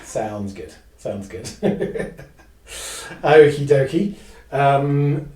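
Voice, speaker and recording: A man running a live tabletop game as game master, narrating in halting bursts with lots of fillers and restarts. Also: medium pitch, expressive, a little mellow, echoey room, recorded from a distance.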